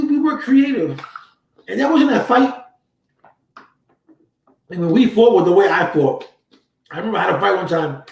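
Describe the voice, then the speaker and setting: A man's voice: a little high, darkish tone, far from the mic. A man hosting a casual livestream, telling stories in loose, profane street slang from a room at home. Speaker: livestream host. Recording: roomy echo.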